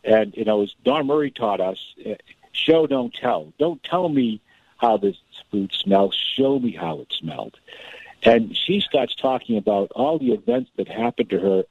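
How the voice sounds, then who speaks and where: Gravelly, animated male storyteller. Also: mid-range voice, no echo. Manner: animated, restarts often, storyteller. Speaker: author and guest. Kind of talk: casual radio interview storytelling. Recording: dull, slightly lo-fi radio sound.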